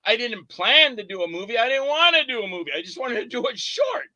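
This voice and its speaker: High, bright-voiced man telling animated stories. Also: fast, dry recording, muffled recording. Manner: animated, acts out the other people in his stories; swears freely. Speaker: guest, indie horror actor and filmmaker. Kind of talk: casual interview storytelling.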